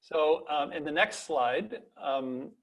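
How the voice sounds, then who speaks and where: A man co-presenting an online workshop over a video call. His voice sits somewhat high, and he speaks reflectively, often restarting his sentences. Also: expressive, slow pace, poor audio. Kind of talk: conversational presenting.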